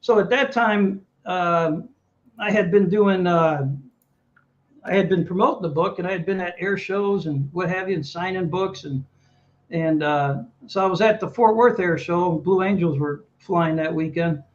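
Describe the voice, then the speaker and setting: High-voiced man telling a war-veteran story. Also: moderate pace, dull audio. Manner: animated anecdote teller, quotes others. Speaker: Navy veteran guest. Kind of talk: casual storytelling interview.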